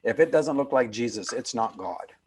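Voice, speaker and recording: A man's voice: mid-range voice, expressive, moderate pace, slight background noise. A man over fifty, an author being interviewed, talking in an earnest, emphatic way and repeating phrases for weight. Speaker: author and guest. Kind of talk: reflective interview talk. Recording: video call.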